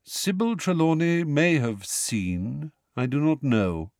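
Man doing a calm aloof centaur teacher, slow measured delivery, dry close sound. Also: a little high, no echo, pitched above the performer's own voice, heavily acted. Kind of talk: audiobook character voice.

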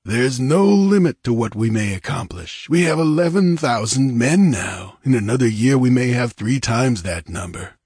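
A man's voice: mid-range voice, animated, moderate pace, hardly any pauses, darkish tone, slightly rough, dry recording, studio quality, voice pushed up. A man doing a hot-tempered bandit chief. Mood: domineering, scornful. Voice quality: commanding, sardonic.

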